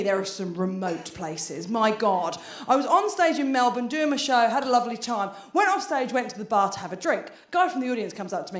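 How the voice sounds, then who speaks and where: A woman's voice: on the high side, roomy sound. A woman doing a chatty, self-deprecating stand-up set on a theatre stage, with lots of filler restarts. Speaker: stand-up comedian. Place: theatre stage before an audience.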